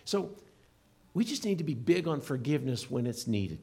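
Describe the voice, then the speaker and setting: A middle-aged pastor preaching with earnest emphasis. His voice is gravelly and a little husky, with a lively rise and fall. The tone stays warm and encouraging, like a sermon addressed to a congregation. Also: medium pitch, moderate pace. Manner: earnest, emphatic preaching with rising and falling delivery.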